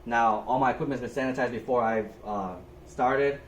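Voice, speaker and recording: A man's voice: mid-range voice, steady tone, moderate pace, dull audio. Young man narrating a nursing checkup. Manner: methodical step-by-step narration. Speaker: nurse. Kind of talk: narrated skills demonstration. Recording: echoey room, faint background noise.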